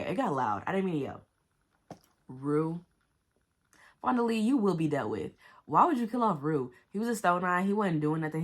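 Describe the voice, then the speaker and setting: Woman book vlogger with a low voice: casual, slangy, and cusses freely with big reactions. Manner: animated, blunt and profane, with exaggerated reactions; talks to herself and the viewers with slang. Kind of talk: casual book review chat.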